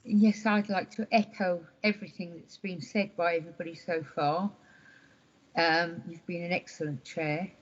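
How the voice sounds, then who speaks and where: A woman councillor speaks in a heartfelt way during an online meeting. Her voice sits slightly low, and the audio is dull. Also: steady tone, moderate pace. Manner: heartfelt, emotional. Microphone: video call. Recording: dull lo-fi video call audio.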